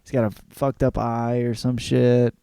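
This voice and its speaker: A man's voice: mid-range voice, little pitch movement, a little slow, creaky, warm tone, smooth, dry recording. A man hosting his podcast in a casual, crude, rambling comic monologue with plenty of fillers and cursing. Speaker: podcast host.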